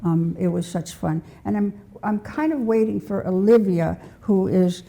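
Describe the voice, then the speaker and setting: Speaking a little slowly in a low, mellow voice with a gravelly fry, an older New Hampshire woman casually tells stories to a local audience like a relaxed storyteller. Her warm, loose anecdotes about community memories ramble, with plenty of restarts and small laughs.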